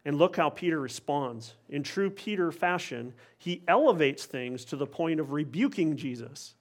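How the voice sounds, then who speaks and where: A man's voice: on the high side, animated, moderate pace. A man preaching a sermon, explaining a passage in an earnest, expository way, with occasional wry asides.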